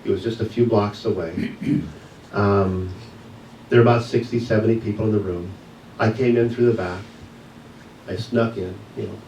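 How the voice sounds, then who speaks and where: A man who teaches yoga, giving a church message as a personal story, told with pauses and soft laughs. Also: fairly low pitch, steady tone, lo-fi sound, slight background noise. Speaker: guest speaker, yoga teacher. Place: church sanctuary. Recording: echoey hall, mic from a distance.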